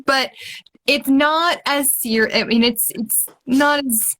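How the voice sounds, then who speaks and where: A woman astrologer as a guest, explaining in a relaxed way with some hesitant ums. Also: sits high, slow. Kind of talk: casual explanatory chat.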